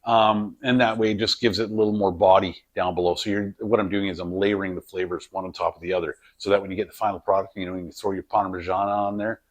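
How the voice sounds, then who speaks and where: A man's voice: low-pitched, flat delivery, fast, hardly any pauses. A man hosting a home cooking vlog, chatting in a rambling, jokey way while he works in his kitchen. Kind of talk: casual cooking vlog chat. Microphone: camera on a tripod.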